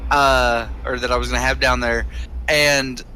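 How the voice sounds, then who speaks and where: A man's voice: medium pitch, level tone, moderate pace, bright, forceful tone, slight background noise, rough recording. A man hosting and running a game, chatting in a laid-back way and laughing often, talking over an online call. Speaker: host and game master. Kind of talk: casual chat on an online call. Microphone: online call mic.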